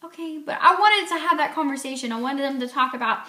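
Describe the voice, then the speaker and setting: A woman's voice: sits high, fast, bright, forceful tone, echoey room. A woman chatting casually in a book talk vlog, retelling a story and acting out quotes. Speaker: book reviewer.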